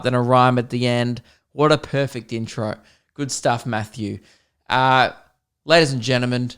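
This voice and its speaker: A man's voice: medium pitch, fairly bright tone, clear, resonant tone. An Australian man hosting a podcast, talking alone in a rambling, self-deprecating, joking way. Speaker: podcast host. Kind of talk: casual solo podcast monologue.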